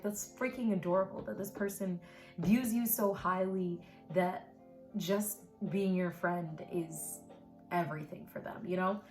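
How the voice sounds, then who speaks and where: A woman giving a casual tarot reading to camera, rambling and filled with repeated words and fillers. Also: on the low side. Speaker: tarot reader. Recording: roomy echo with faint background music.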